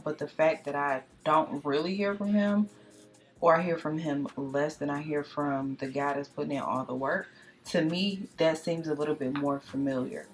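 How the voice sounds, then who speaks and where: Chatty young woman with a lilt. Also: sits low. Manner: chatty, confiding, addresses viewers as y'all. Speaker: beauty vlogger. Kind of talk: casual chat while doing makeup.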